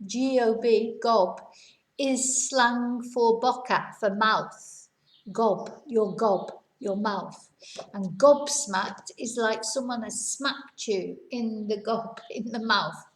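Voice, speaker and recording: Slow, careful woman teaching slang. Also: on the high side, reverberant. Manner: slow, deliberate, repeats each example twice; explains in simple words, mixes in Spanish. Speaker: English teacher. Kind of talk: language lesson.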